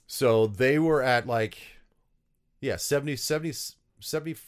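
A man's voice: mid-range voice, moderate pace, clean tone. A man from South Dakota, a former pro football player, telling stories in an interview, rambling with lots of fillers and restarts. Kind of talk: storytelling interview answers.

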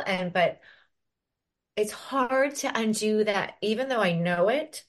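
Woman, podcast co-host, reflective, casual, filler-heavy, mid pitch. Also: takes it slowly. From Ireland. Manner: reflective, frequent "like" fillers, acts out her own inner voice.

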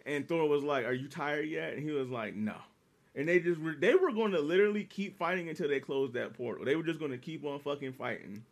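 A man's voice: a little high, fast, gravelly, few pauses. A man in casual, profane chat about movies, animatedly acting out quotes. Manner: animated, acts out quotes, heavy swearing.

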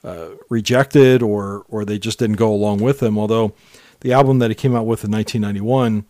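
A man co-hosting a podcast, chatting casually about old pop hits and telling stories, sometimes trailing off softly. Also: lowish voice, fairly even intonation, brisk, dry recording. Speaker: podcast co-host. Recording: music playing under the talk.

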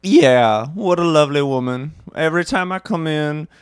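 A man playing a chatty, easily pleased restaurant regular, telling stories in a gushing, animated way in an improvised comedy podcast. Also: on the high side, normal speed, clean tone, no room sound, clean studio sound, lightly acted.

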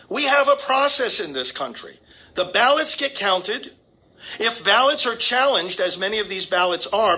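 Emphatic man, bright raspy voice. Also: high voice, rough recording. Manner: emphatic, preachy, addresses listeners as friends. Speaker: priest. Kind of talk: commentary monologue.

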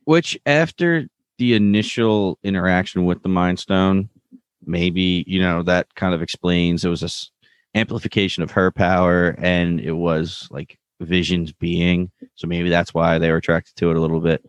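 Low-voiced male co-host, relaxed recap talker, dry close mic. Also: normal speed, smooth, no echo. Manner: relaxed, retells scenes with loose paraphrased quotes. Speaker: podcast co-host recapping a TV episode. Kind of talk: casual chat.

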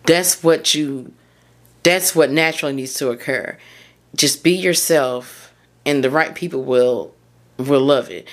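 A woman, hosting a solo podcast and talking in a candid, rambling way that often circles back and corrects itself. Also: rumbling low. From Tennessee, US. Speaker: podcast host.

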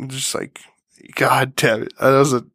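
A man's voice: mid-range voice, flat delivery, measured pace, a bit bright, breathy edge, dry recording, studio quality. A man co-hosting a casual true-crime podcast, talking loosely with lots of fillers, restarts and swearing. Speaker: podcast co-host.

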